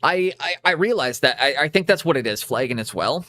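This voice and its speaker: This young live streamer has a Canadian accent and a voice on the high side: animated, brisk, pushed, and bright, in a dry recording. Talking casually into a cheap USB mic, he rambles, keeps interrupting himself, and swears offhandedly.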